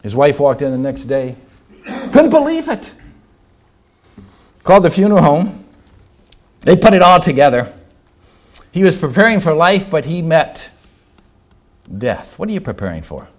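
Preaching a sermon, this male pastor swings from loud exhortation to hushed appeals, posing rhetorical questions and slowing on key words. His voice sits a little high and has a sing-song quality.

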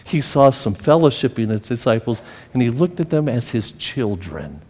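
A male pastor preaching in a church sanctuary, his voice sitting at an ordinary middle pitch. He tells a personal story with feeling, circling back and repeating his phrases. The sound carries a long echo from a large hall. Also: very animated, moderate pace, a little mellow. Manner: emotional, repeats and restarts phrases.

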